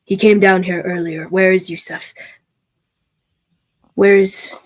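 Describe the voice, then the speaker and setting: A woman voicing a brawny young man who asks sharp, insistent questions. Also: medium pitch, flat delivery, takes it slowly, lightly acted. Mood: demanding.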